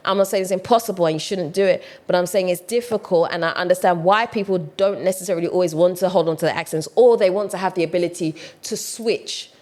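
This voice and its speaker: A woman from Ghana, chatting casually to viewers in an opinion vlog, animated and full of rhetorical questions. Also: on the low side, quick pace, hardly any pauses. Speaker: vlogger.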